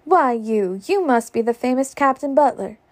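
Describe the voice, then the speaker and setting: A woman voicing a gentle young Southern lady from a storybook reading, eager and gushing. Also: sits high, lively intonation, normal speed, pitched above the performer's own voice. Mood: sweet.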